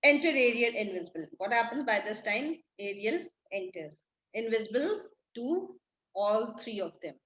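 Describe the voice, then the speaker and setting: A woman's voice: fairly high pitch, sing-song, moderate pace, fairly bright tone, highs cut off. A woman teacher explaining a play line by line, paraphrasing each line and asking and answering her own questions. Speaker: English literature teacher. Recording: echoey room.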